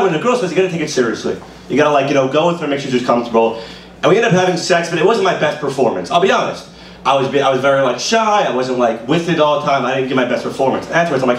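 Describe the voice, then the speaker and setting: Man, stand-up comic, rambling, lively swooping pitch, echoey small club, faint hiss. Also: very fast. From Brooklyn, New York. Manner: rambling, casual, lots of "you know". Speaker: stand-up comedian. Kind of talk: stand-up set at an open mic. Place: small bar comedy room. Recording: roomy live room, mic heard from a distance, faint hiss.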